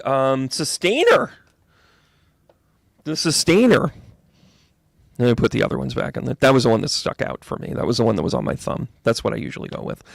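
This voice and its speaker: Chatty man with a gravelly voice. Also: mid-range voice, no room sound. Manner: chatty, rambling, jokey, bursts of excitement. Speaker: psychic medium reading tarot. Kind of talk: live astrology and tarot reading.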